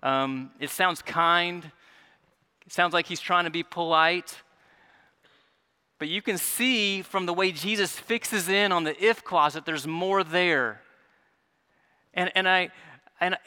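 A male pastor preaching a sermon in an earnest way, often repeating words as he restarts, dropping soft and rising again. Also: high-pitched, clear, resonant tone. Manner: earnest, stumbling repetitions, drops soft then rises.

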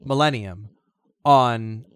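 A man of middle pitch talks in a casual chat, excitable and rambling, jumping from tangent to tangent. His voice sits close and dry on the mic, with no room sound around it. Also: slow, clear, resonant tone, no echo. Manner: rambling, excitable, restarts and asides. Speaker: podcast co-host.

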